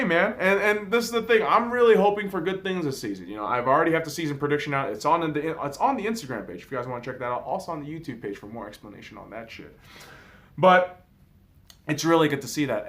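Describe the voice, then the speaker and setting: A young man hosting a podcast, talking sports in a casual, profane, excitable monologue with big swings in volume. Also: mid-range voice. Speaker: podcast host.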